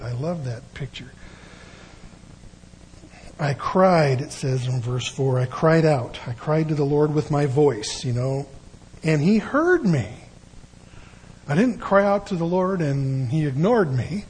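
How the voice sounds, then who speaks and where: A man's voice: a little high, lively intonation, a little slow, a little mellow, a little hiss or hum, poor audio. An older man giving a folksy, conversational sermon with frequent asides. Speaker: preacher.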